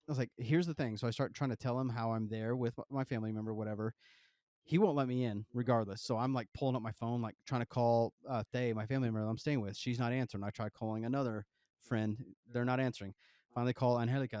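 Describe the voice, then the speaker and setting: A podcast co-host with a mid-range, slightly mellow voice tells a rambling, profane travel story packed with fillers. It's casual storytelling, and the recording is dry.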